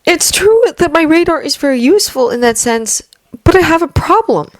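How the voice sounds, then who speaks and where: A woman voicing a gentle, earnest blind teenage hero boy in a fanfiction reading, speaking softly and thoughtfully. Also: sits high, expressive, moderate pace, no room sound, pitched above the performer's own voice.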